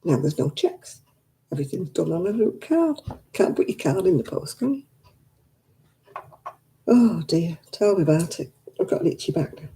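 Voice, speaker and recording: An older woman chats with her live viewers in a low, dark, mellow voice. Her pitch swings up and down a lot as she grumbles and sounds exasperated. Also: very animated, moderate pace, pauses often, slight background noise, low-quality recording. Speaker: live streamer. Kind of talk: casual chat with viewers.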